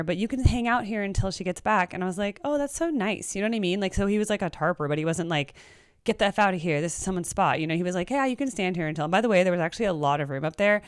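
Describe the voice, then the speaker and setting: Give me a woman chatting casually to camera, smooth voice, dry close recording. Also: dry recording. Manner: chatty, animated, acts out quoted people in a higher voice. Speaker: music reaction channel host.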